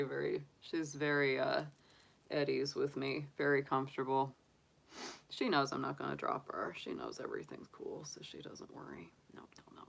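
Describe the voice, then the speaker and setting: A woman's voice: low voice, vocal fry, fairly bright tone. A middle-aged woman, a tarot reader, chatting casually on a stream, gushing and cooing and laughing easily. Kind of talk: casual chat on a live stream.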